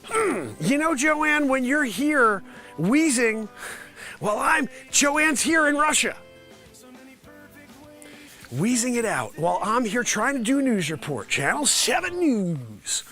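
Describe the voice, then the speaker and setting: A man hosts his daily stream with a comic mock news report. His voice is high and bright, with faint music underneath. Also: very animated, slow. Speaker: host of a daily livestream. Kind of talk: comedic livestream monologue.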